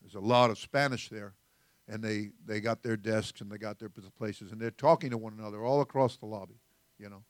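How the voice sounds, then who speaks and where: A man's voice: fairly low pitch, fairly even intonation, a little fast, dry recording. Folksy older male pastor, dry sound. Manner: folksy, rambling storytelling with asides. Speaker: senior pastor. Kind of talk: conversational sermon.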